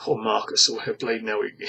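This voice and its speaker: A man's voice: fairly low pitch, pushed and bright, low-quality recording. A British man ranting to his viewers in a casual monologue, rambling and scornful, stumbling over frequent restarts. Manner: scornful, exasperated. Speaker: vlogger.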